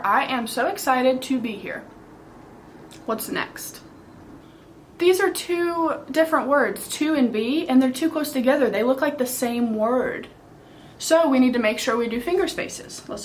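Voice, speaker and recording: Patient young woman teaching small children. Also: fairly high pitch. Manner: slow, patient, explaining step by step to young children. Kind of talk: early-grade writing lesson.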